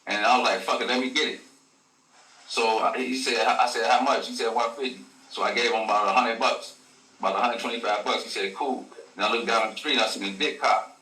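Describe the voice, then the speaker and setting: A man's voice: mid-range voice, steady tone, a little fast, sharp tone. A man, a guest telling a story in casual slang, full of profanity and acted quotes. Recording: echoey room, a bit far from the mic.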